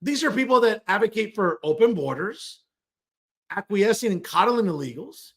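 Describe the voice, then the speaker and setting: Brief: male political commentary host, high-pitched, sarcastic and combative, code-switches into Spanish. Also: expressive, moderate pace, fairly bright tone. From New Jersey.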